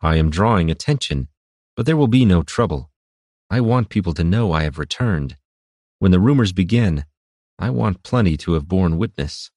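A man's voice: deep voice, moderate pace, no echo, clean studio sound. A man voicing a commanding male warlock who speaks evenly and with authority. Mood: calm. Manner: even, commanding. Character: commanding old male warlock, calm and imposing.

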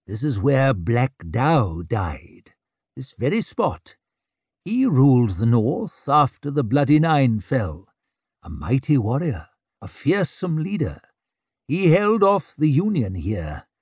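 A cold, proud old wizard, talking slow and heavy with a husky grain, as a male narrator plays him. His lines land weighty and stern, close and dry. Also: mid-range voice, sing-song, darkish tone, no room sound, exaggerated voice.

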